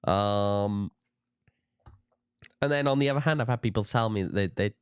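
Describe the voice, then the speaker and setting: Low-voiced man, measured co-host. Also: clear, resonant tone, dry recording, clean studio sound. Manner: measured, thoughtful, hesitant with ums. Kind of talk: casual sports analysis.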